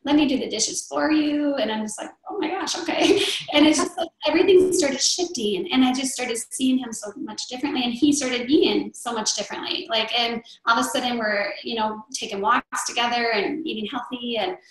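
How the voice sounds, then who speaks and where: A woman's voice: a little high, a little fast, hardly any pauses, a bit bright. A middle-aged woman chatting as an interview guest, rambling with many fillers and restarts. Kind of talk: casual chat. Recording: very echoey room.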